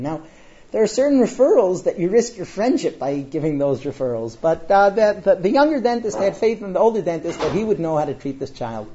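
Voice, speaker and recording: A lively storyteller giving a parenting talk, with pitch rising and falling all through. The voice is warm and mellow. The sound is muffled and lo-fi, as if from a modest recording of a live class. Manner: animated storyteller who acts out quotes. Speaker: parenting speaker.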